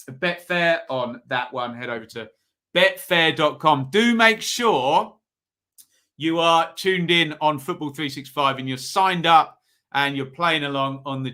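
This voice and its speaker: A man's voice: fairly high pitch, pushed and bright. A man hosting a live football predictions stream, chatting casually, thinking aloud and reading out viewers' comments.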